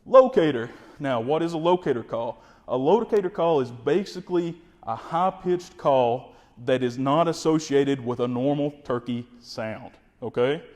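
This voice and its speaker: A man with a Kentucky accent, explaining turkey calling in a folksy, energetic way and imitating the birds. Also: medium pitch, normal speed, long reverb tail. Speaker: wildlife information specialist. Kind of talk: instructional explanation.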